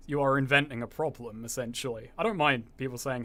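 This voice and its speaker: A young man streams a game with a mid-range voice that sounds pushed and bright, moving at a fairly quick pace. He chats casually, rambles, swears freely and reads comments from chat, and his voice comes across as slightly posh.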